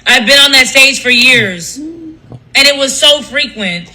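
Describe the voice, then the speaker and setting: A man's voice: very high-pitched, animated, a little slow, pushed and bright, rough recording. A man hosting a livestream, ranting casually in a blunt, profane, gossipy way. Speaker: livestream host.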